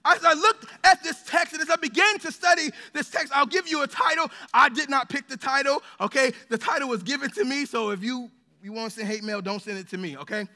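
Man, preacher, sermon, impassioned with joking asides, very high pitch, echoing church hall. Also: fairly quick. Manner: impassioned, building to shouts, with jokey asides. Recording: long hall reverb.

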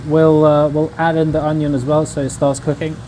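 A man's voice: a little high, little pitch movement, fairly quick, dark tone, a little hiss or hum, rough recording. A young man casually chatting to his viewers while he cooks on a livestream, in a laid-back, slangy way. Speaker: streamer. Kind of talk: casual cooking livestream chat.

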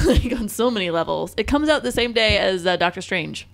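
A woman co-hosting a film podcast, telling stories in animated, casual chat and swearing freely. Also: mid-range voice, fairly quick, hardly any pauses. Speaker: podcast co-host.

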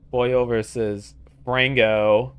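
A man's voice: medium pitch, clear, resonant tone. A man hosting a let's-play, giving casual, profane, joking commentary and talking to his viewers as he plays. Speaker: gaming channel host.

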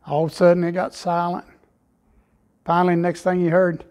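Man, pastor, high voice, folksy sermon storytelling. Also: level tone, moderate pace, a little mellow. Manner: folksy storytelling, Southern phrasing. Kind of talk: sermon with humorous stories.

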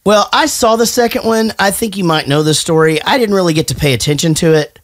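A man's voice: high voice, brisk, no echo, studio quality. A middle-aged man hosting a podcast, swearing freely and telling stories in a casual chat. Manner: profane, animated storyteller. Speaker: podcast host.

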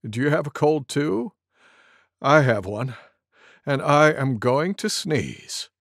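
Man doing a big polite storybook elephant, slow and calm. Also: on the high side, dry recording, studio quality, heavily acted. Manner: slow, courteous and plain.

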